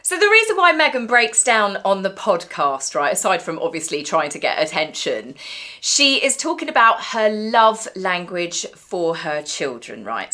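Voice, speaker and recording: A woman's voice: mid-range voice, very animated, normal speed, bright, forceful tone. A woman giving mocking, gossipy commentary on the royals as a vlog host. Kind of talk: sarcastic commentary.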